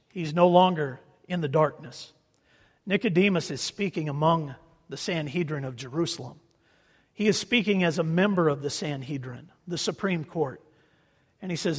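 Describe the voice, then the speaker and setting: A high-pitched male preacher delivering a sermon with a lingering reverb around him. He swings between ringing, forceful emphasis and near-hushed passages. He reads scripture aloud and acts out its voices. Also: husky. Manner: dramatic, swings from loud to hushed. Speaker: pastor.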